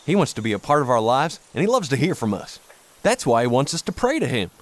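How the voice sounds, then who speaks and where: An actor playing a fatherly camp leader who gives calm instructions. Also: medium pitch, fast talker, close to an everyday voice.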